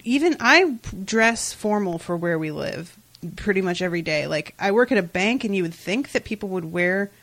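A woman in loose podcast chatter, lively and quick to laugh. She swears freely and acts out lines from the episode in a mid-range voice. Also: mid-range voice. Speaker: podcast co-host. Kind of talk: casual recap chat.

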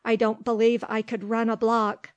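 A woman's voice: on the high side, level tone, moderate pace, clear, resonant tone, dry recording, lo-fi sound, natural voice. A woman reading the lines of a timid, frightened little female dog in a storybook, in a shrinking, fearful way. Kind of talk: audiobook reading.

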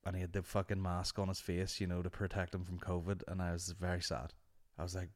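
A man's voice: sits low, fast. A man with a Northern Irish accent hosting a podcast, telling rambling, sweary stories in casual chat. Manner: sweary, rambling, animated anecdotes. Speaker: podcast host.

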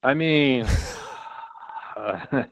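A man's voice: mid-range voice, extremely slow, no echo, highs cut off. A man, a guest on a sports radio show, venting in casual chat with many restarts. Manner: exasperated, animated venting with restarts. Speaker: soccer play-by-play announcer, guest.

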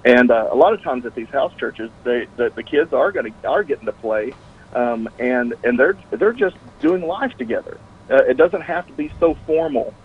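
A man's voice: medium pitch, expressive, husky. Man talking over a tinny phone line. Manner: halting, many restarts and fillers. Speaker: guest on a faith talk show. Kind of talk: casual conversational interview.

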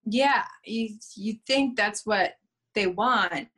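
A woman journalist answering questions in a casual interview, speaking in a clear, measured way. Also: mid-range voice, fairly bright tone.

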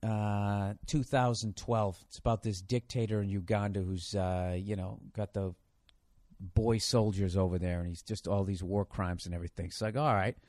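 A man's voice: deep voice, steady tone, moderate pace, a little mellow, no echo. A man hosting a comedy show, ranting in a sarcastic, profane and rambling way. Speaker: comedian host.

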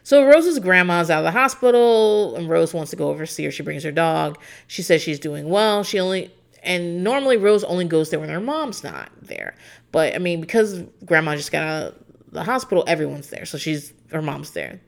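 Chatty woman with a gravelly voice. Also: fairly low pitch, animated, moderate pace. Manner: chatty, rambling, opinionated, with frequent fillers. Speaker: podcast host recapping a reality show. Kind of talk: casual chat.

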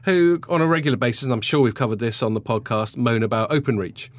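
A man's voice: mid-range voice, fast talker, dry recording. A man hosting a podcast, chatty and jokey, often trailing off mid-sentence. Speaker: podcast host. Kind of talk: casual chat.

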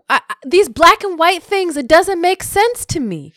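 A woman co-hosting a podcast in casual chat, animated, musing and jokey. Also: very high voice, moderate pace, hardly any pauses, no room sound, studio quality. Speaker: podcast co-host.

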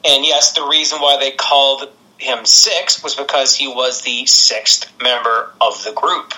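A man's voice: mid-range voice, fairly even intonation, a little slow, pushed and bright, low-quality recording. A man co-hosting a casual podcast, chatty and laughing often, with frequent restarts. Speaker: podcast co-host. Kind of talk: casual chat.

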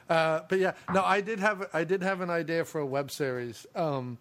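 A man's voice: on the high side, measured pace, fairly bright tone. A man co-hosting a comedy podcast, rambling through silly bits and laughing a lot. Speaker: podcast co-host. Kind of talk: casual comedy chat.

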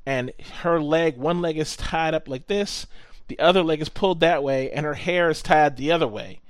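Guy telling a crazy story, kinda high voice, bone-dry close mic, swears a lot. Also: normal speed, dry recording. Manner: animated storytelling, swearing, acting out quotes. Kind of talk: casual chat.

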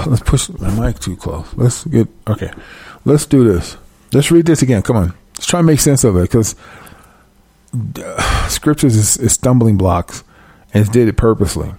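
Gravelly man preaching over scripture. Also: fairly low pitch, expressive, darkish tone, no echo. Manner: drawn-out verse reading mixed with quick asides; keeps checking in with listeners. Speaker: scripture teacher on a livestream. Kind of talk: casual preaching while reading scripture aloud.

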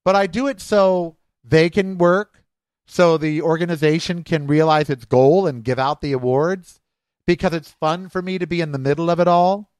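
Middle-aged guy rambling about his feelings on his podcast, kinda high voice, dead dry sound. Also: fairly even intonation, moderate pace, darkish tone, clean tone, dry recording. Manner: candid, emotional, rambling. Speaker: podcast host. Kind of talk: personal monologue.

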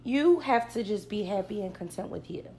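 A woman's voice: mid-range voice, lively intonation, normal speed, mellow, slight background noise. A woman co-hosting a casual chat, talking bluntly with slang and swearing. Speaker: podcast co-host.

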